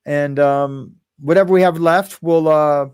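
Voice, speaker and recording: A man hosting a casual livestream, reading viewer comments aloud and rambling with frequent chuckles and halting restarts. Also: a little high, fairly even intonation, darkish tone, smooth, no echo, studio quality. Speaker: livestream host.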